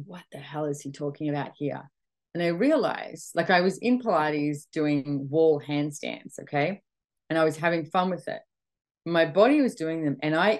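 A middle-aged woman from Australia hosting a podcast, giving a motivational talk to an audience in a chatty, animated way full of quoted self-talk. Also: deep voice. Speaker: podcast host.

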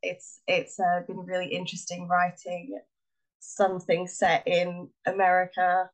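A woman's voice: lowish voice, completely flat delivery, measured pace, rough recording. An English woman, a guest author, chatting casually on a podcast with frequent ums and easy laughter. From England. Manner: hesitant, lots of ums, laughs easily.

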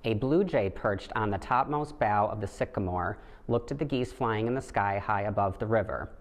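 A man reading a children's picture book aloud in a gentle, steady storytelling manner, putting light voices on the animals. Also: fairly low pitch, normal speed. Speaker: storybook reader. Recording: long hall reverb.

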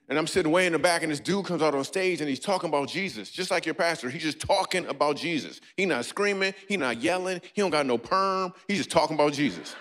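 A man doing a stand-up comedy set on a church stage, riffing playfully with a live audience. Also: a bit bright. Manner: playful, riffing with the audience, breaks into squeaky and goofy voices.

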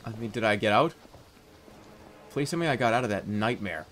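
A man's voice: lowish voice, lively intonation, fairly quick, noisy background. A man in his thirties streaming a game, joking sarcastically with frustrated outbursts. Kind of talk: let's play commentary.

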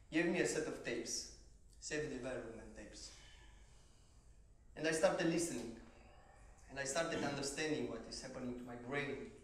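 A man with a Romanian accent telling his life story as a motivational speaker, slow and dramatic, rising to shouts at the peaks. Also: mid-range voice. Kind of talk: personal story speech. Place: large event hall on stage. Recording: echoey hall from far off, faint noise.

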